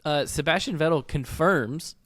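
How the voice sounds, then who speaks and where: A man's voice: a little high, moderate pace, fairly bright tone. A man co-hosting a motorsport podcast in casual chat, tossing in short interjections and dry sarcastic asides. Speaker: podcast co-host.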